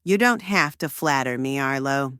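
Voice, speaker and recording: A man putting on a sharp-tongued young woman. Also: medium pitch, moderate pace, clear, resonant tone, no room sound, studio quality, voice pushed up, lightly acted. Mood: bitter. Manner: sweet but curt, firm when crossed.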